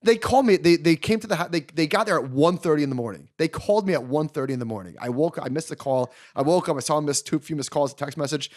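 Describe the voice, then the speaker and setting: A man in his thirties co-hosting a podcast, telling a long story in an animated, casual way and laughing along. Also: a little high, fast talker, few pauses. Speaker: podcast co-host. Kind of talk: casual chat.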